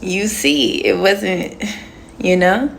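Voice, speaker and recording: A woman's voice: medium pitch, level tone, very slow, creaky, slight background noise. A young woman in her twenties hosting a casual livestream, chatting and answering comments with slangy asides into a phone. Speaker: livestream host.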